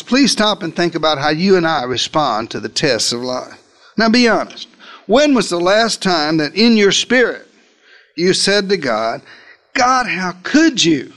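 Male preacher, high voice, dramatic first-person storytelling sermon, talks straight to the congregation. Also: fairly bright tone. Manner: addresses listeners directly.

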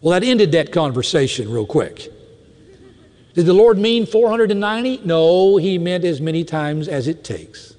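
Lively high-voiced preacher, hall echo. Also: male voice. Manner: animated preaching with mock-indignant asides. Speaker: pastor. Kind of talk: sermon.

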